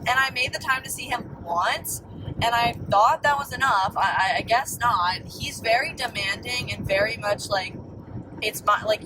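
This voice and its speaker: A young woman calling in by voice memo, telling a story in an exasperated, animated way with plenty of swearing. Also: fairly high pitch, normal speed. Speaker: caller. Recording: distant voice memo with background noise.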